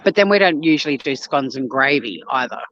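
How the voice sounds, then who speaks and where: A bass-voiced Australian woman, expressive, brisk and a bit bright, chats for her vlog on an outdoor walk. She's blunt and sweary, telling animated stories, though the audio sounds dull.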